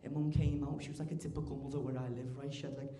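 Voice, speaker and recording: A teenage man doing stand-up on a club stage, chatty and quick to ask "right?". His voice is mellow and darkish, and the hall around him rings. He gets loud when he acts out scenes. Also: medium pitch, flat delivery, slight background noise. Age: teens. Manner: chatty, keeps asking "right?", bursts loud for acted bits. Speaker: stand-up comedian. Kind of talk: stand-up comedy routine. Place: large comedy club stage. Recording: echoey live club room.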